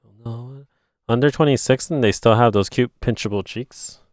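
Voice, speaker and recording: At a moderate pace, a twenty-something male streamer assembles a model kit and talks casually with his audience. His storytelling is animated and profane, with higher-voiced impressions of friends, captured in a dry, studio-quality recording.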